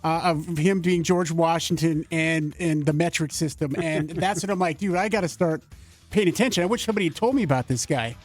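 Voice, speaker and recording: A man's voice: a little high, fairly quick, hardly any pauses, faint music behind. A man co-hosting a morning radio show, talking in a laid-back, rambling way. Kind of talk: casual radio banter. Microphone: studio microphone.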